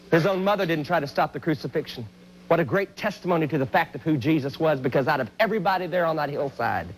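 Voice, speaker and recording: A man with a high, bright voice tells a comic story in an animated, hyperactive way. He bursts out loud at times, and faint music plays behind him. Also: poor audio. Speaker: Christian comedian and singer.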